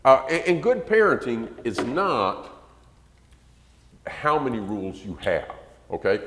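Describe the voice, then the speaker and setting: A man preaching a sermon in a folksy, conversational way, his pitch rising and falling freely. He sometimes acts out quoted parents in a shrill voice. The sound carries the long reverb of a roomy church hall. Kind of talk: sermon lesson to a congregation.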